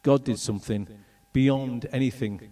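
A middle-aged man from England telling a personal testimony with slides, in an animated storytelling manner. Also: medium pitch, normal speed, far from the mic. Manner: animated storytelling, acts out voices and moments. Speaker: speaker telling his testimony.

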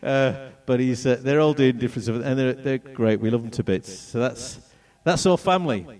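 Middle-aged man from England, animated testimony speaker, mid-pitched voice, distant mic. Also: normal speed. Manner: animated storytelling, acts out voices and moments. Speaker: speaker telling his testimony. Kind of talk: personal testimony talk with slides.

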